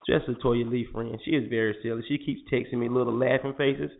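A man's voice: medium pitch, steady tone, quick pace, vocal fry. A man co-hosting a morning talk show, joking playfully with friends in casual banter. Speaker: radio show co-host. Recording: tinny phone line with faint noise.

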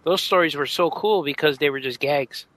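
Man, comics creator, bright tense tone, slightly high, laid-back chat. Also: no echo, low-quality recording. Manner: laid-back, laughing, halting. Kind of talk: casual chat.

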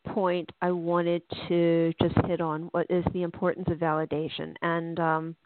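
A podcast host asking open questions and sharing reflections in a relaxed conversational way. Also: mid-range voice, measured pace, dry recording. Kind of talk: conversational interview. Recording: dry, tinny phone-like sound.

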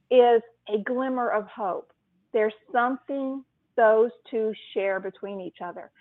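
A woman co-hosting a writing podcast who talks casually and retells story scenes with lively emphasis. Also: fairly high pitch, no room sound. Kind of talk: casual chat. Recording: tinny phone-line sound, dry.

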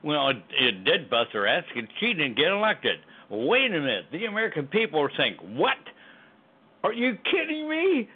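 A man's voice: fairly high pitch, big pitch swings, fairly quick, hardly any pauses, breathy edge. A man calling in to a talk show, ranting about politics in a heated, stumbling way and repeating himself. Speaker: caller. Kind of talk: heated political call-in rant. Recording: tinny phone line.

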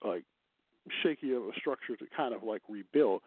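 A man's voice: lowish voice, moderate pace, breathy edge, no echo. A man co-hosting a casual news chat show, chatty and teasing, laughing often. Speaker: co-host. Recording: dry, tinny phone-like line.

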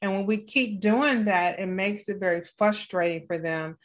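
A woman hosting an interview, warmly affirming her guest and asking follow-up questions. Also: medium pitch, normal speed. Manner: affirming, gives frequent encouraging replies. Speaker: host. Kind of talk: interview talk.

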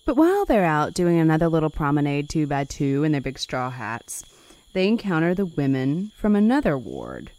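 A woman's voice: sits low, huge pitch swings, moderate pace, darkish tone. A woman hosting a conversational history podcast, reading passages aloud dramatically and adding wry asides. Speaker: podcast host.

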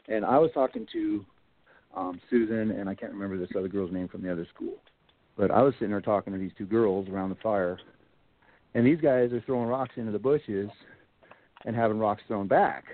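A middle-aged man telling a long personal story in a casual, rambling way, full of "you know" and "like", as a guest on a radio show. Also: on the low side. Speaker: Bigfoot researcher guest. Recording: tinny phone line.

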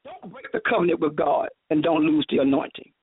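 A man's voice: on the high side, huge pitch swings, a little fast, breathy edge, no room sound. A man preaching a fervent, rhythmic sermon over a call-in radio line, acting out God's words as dialogue. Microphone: phone call. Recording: tinny phone line.

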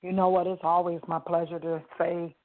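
A woman co-hosting a faith talk radio show, speaking warmly and quickly to affirm her host. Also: fairly low pitch, flat delivery. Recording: phone line.

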